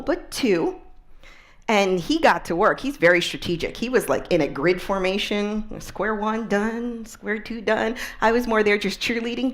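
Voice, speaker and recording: A woman public speaker telling an inspirational story, expressive and often dropping to a soft, hushed tone. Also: medium pitch.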